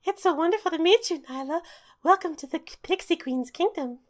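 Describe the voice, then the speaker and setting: A woman's voice: very high-pitched, expressive, brisk, pitched above the performer's own voice. A woman voicing a tiny, bubbly female pixie who speaks in a gushing, sing-song way. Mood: delighted.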